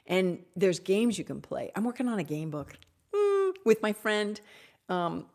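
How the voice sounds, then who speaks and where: A woman hosting a live Q&A on spiritual topics, effusive and gushing, sometimes dropping into soft whispers. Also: medium pitch, very animated, a little slow, creaky. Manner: warm, effusive, drops to soft whispers at times. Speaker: host answering audience questions.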